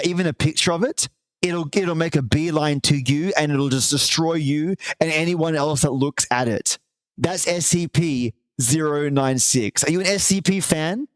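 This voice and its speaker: A man's voice: a little high, moderate pace, dry recording, studio quality. A man hosting a live stream from home, chatting affectionately with viewers, restarting often and stretching his greetings. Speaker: livestream host. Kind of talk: casual chat with viewers.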